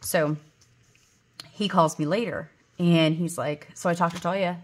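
A woman's voice: fairly low pitch, fairly even intonation, unhurried. A woman in her forties chatting casually, rambling through a story with fillers and self-corrections. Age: 40s. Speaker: vlogger. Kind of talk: casual chat while counting cash.

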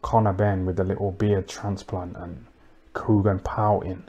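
A man doing a rambling comic monologue, deadpan and crude, mocking people and tacking "innit" and "you know what I mean" onto his lines. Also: low voice, unhurried, dull audio. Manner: deadpan, crude and mocking, full of tag questions. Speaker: comedic livestream host.

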